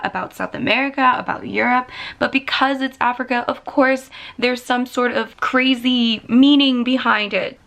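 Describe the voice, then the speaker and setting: A woman's voice: on the high side, fairly bright tone. Exasperated young woman ranting. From Canada. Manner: exasperated, emphatic, rhetorical questions. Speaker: YouTuber. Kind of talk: ranting vlog.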